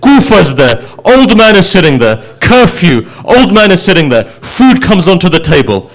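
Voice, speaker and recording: A man preaching a sermon as a story, his delivery emotional and moving between animated passages and hushed, grieving ones. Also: high voice, normal speed.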